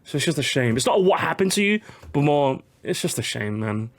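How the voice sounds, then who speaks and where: A young man chatting casually on a live stream, animated and jokey, talking to his chat. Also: a little high, brisk. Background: faint game music.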